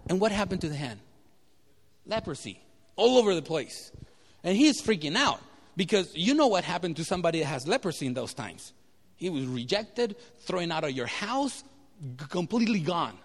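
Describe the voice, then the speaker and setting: A man's voice: high voice, moderate pace, pauses often. A man preaching a sermon, telling a Bible story and quizzing his listeners. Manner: animated, asks the audience questions. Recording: echoey hall.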